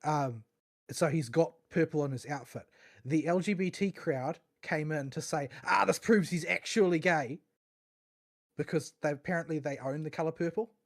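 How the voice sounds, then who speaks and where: A man's voice: fairly high pitch, normal speed, a little mellow. A man co-hosting a podcast, hesitant and full of fillers and restarts, with a dry wit. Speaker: podcast co-host. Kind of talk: casual chat.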